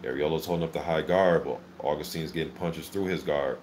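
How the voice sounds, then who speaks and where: Deep-voiced man, live fight reaction commentary, casual and excitable, faint background hum. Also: fairly quick. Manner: casual, excitable, filler-heavy play-by-play. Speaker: boxing channel host.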